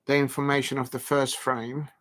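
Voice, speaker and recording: A man's voice: mid-range voice, little pitch movement, moderate pace, a bit bright, a little hiss or hum. A man hosting a casual live stream, rambling and joking, with the odd mock moan. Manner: rambling, jokey, prone to mock moaning.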